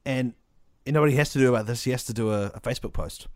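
A man co-hosting a comedy podcast, spinning an absurd story in a dry, deadpan way. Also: medium pitch, very fast, no room sound.

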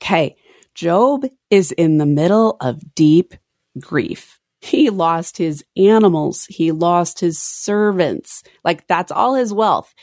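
A woman's voice: lowish voice, slow, no echo, clean studio sound. A woman co-hosting a podcast, chatting casually about a Bible reading, quoting verses and breaking off mid-thought. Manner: expressive, reads scripture aloud, self-interrupting. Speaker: podcast co-host. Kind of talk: casual Bible study chat.

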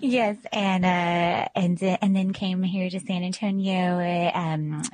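A woman's voice: lowish voice, fairly even intonation, takes it slowly, a little mellow, slight background noise. A woman hosting a faith radio show in a studio, chatting in a rambling way and laughing often. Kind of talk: casual faith radio chat.

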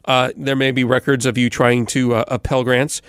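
A man who hosts a morning radio show talks through his daily recap in a loose, rambling way. He stops for fillers and restarts his sentences often. His voice is mid-pitched and sits on a dry, close mic. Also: little pitch movement, normal speed, clear, resonant tone, no room sound. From United States. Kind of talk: casual podcast recap monologue.

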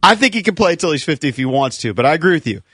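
Sports talk dude, kinda high voice, steady explaining, dry mic. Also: male voice, very fast, husky, dry recording. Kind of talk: casual sports chat.

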